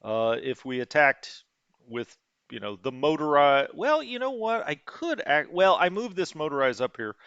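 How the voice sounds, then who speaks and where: A man's voice: fairly high pitch, sing-song, moderate pace, fairly bright tone, clean tone, dry recording, dull audio. A man hosting a strategy game stream, casually thinking aloud and correcting himself as he plans his moves. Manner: musing and thinking aloud, with many fillers and self-corrections. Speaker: host.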